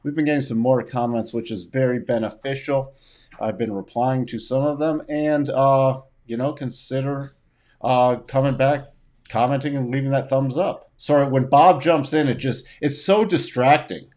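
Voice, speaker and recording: A man's voice: mid-range voice, steady tone, moderate pace, darkish tone. Easygoing man hosting a market show. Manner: joking, easygoing banter. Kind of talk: casual market chat.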